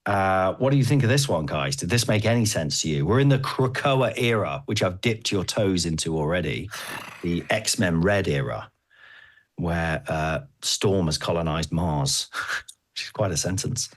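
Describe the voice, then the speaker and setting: A man's voice: low-pitched, lively intonation, unhurried. A man hosting a casual podcast chat about comics, enthusiastic and laughing often. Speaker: podcast host.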